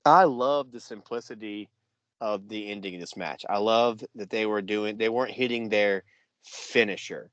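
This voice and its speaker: Low-voiced man eagerly recapping match action. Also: moderate pace, fairly bright tone, no room sound, dull audio. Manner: eager play-by-play recounting, frequent "you know" and "yeah". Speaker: podcast co-host. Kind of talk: casual podcast chat recapping a wrestling match.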